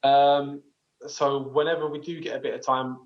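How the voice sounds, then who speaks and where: A man in his twenties, a footballer, answering interview questions in a relaxed, modest, hesitant way. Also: mid-range voice, moderate pace, dull audio. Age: 20s. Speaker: professional footballer.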